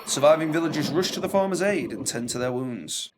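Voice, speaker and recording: A man's voice: on the high side, expressive, brisk. A man from England doing chatty, wry gameplay commentary and reading game text aloud. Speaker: let's play host. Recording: music behind.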